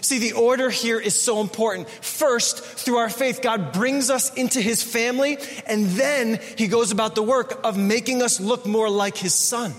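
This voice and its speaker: A man's voice: very high voice, moderate pace, hardly any pauses, big-room sound. A man preaching a sermon as a pastor, in a conversational, emphatic way, often repeating his phrases.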